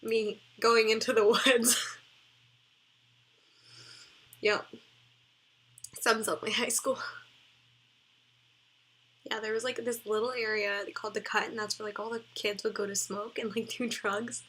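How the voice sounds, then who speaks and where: A woman's voice: mid-range voice, level tone, measured pace, pauses often, a bit bright, breathy edge, low-quality recording. A young adult woman in a casual vlog, giggly and rambling as she reacts to her old posts, with lots of "like" in her speech. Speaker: cosplay vlogger.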